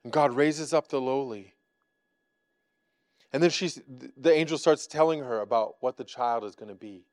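A man's voice: mid-range voice, moderate pace, a little mellow, no room sound. A man preaching a casual, conversational sermon, filling it with "like" and acting out the lines he quotes. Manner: acts out quoted lines from scripture. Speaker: pastor.

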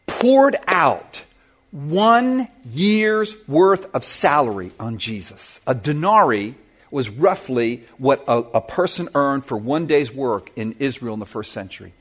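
A man preaching a sermon to his church, telling a Bible story with lively questions to the congregation. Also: a little high, breathy edge. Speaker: pastor.

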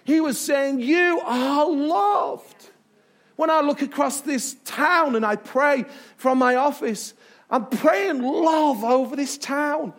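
A man preaching as a pastor in a church, emphatic, with dramatic pauses and repetition. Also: very high-pitched, a bit bright. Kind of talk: sermon. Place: church sanctuary.

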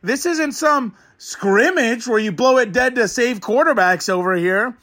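A man's voice: very high voice, a little slow, sharp tone, heavily acted. A man voicing a fired-up young male football fan who rants crudely in a comic character monologue. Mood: indignant. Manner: ranting, exasperated, crude.

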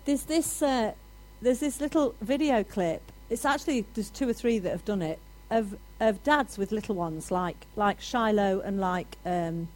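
A woman preaching a sermon to a congregation, animated and building to loud, emphatic declarations. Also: mid-range voice, poor audio.

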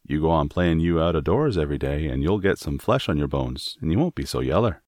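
A man's voice: extremely low pitch, lively intonation, fairly quick, darkish tone, dry recording, studio quality. A man voicing a cheerful, forthright young Yorkshire maid with a broad Yorkshire accent in a storybook reading. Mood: cheerful, blunt. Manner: broad dialect, homely and forthright.

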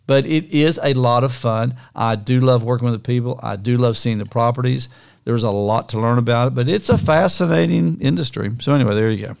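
An older man with a gravelly edge co-hosts a casual podcast. His talk is folksy and teasing. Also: medium pitch, fairly quick, a little mellow. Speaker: podcast co-host.

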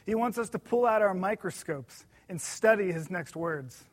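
High-voiced man preaching an earnest sermon. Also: lively intonation. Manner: earnest and emphatic, slows down to stress key words.

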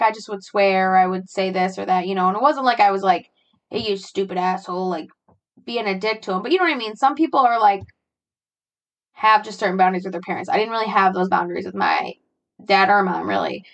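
Creaky-voiced woman musing aloud, halting. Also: medium pitch, rough recording. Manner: halting, searching, many fillers and sighs. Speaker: podcast host. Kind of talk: personal reflective monologue.

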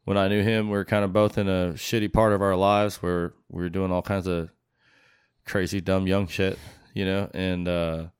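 Very low and smooth, a male podcast host's voice carries a level tone at a moderate pace as he chats loosely, unscripted and relaxed, swearing freely. The recording is dry and close-miked, free of room echo.

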